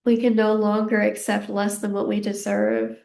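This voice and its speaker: A young woman giving a casual psychic tarot reading, a little out of breath, gentle and reassuring as she rambles with fillers. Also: medium pitch, little pitch movement, moderate pace, creaky. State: slightly out of breath. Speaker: tarot card reader.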